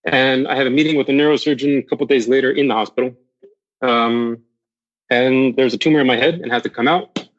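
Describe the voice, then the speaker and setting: A man's voice: mid-range voice, steady tone, a little fast, dull audio. A man as a podcast guest candidly recounting a personal near-death story, swearing freely and often restarting his sentences.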